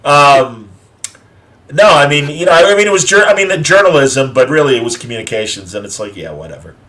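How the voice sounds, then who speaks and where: A man's voice: medium pitch, expressive, fairly quick, a bit bright. A man in his fifties hosting a casual chat, who rambles, stammers and acts out voices in his stories. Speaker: host.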